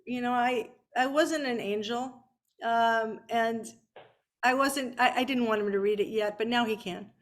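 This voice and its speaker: A woman's voice: a little high, unhurried. A middle-aged woman, the author being interviewed, speaking frankly and offhandedly. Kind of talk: casual interview.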